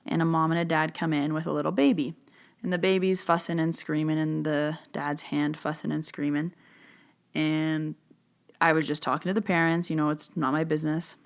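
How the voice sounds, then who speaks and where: A woman's voice: lowish voice, creaky. A woman hosting a podcast, telling a personal story in a casual, chatty way, full of fillers like "like" and "you know," and livening up when she quotes other people. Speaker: podcast host.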